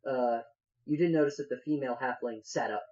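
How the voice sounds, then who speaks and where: A man narrating as game master, halting and full of fillers. His voice is mellow and warm, recorded on slightly dull podcast audio. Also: medium pitch.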